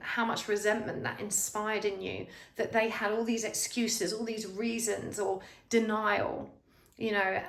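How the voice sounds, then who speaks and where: A tarot reader doing a pick-a-card reading addresses the viewer directly, offering earnest, reassuring advice. Her medium-pitched voice is creaky, and the sound is roomy.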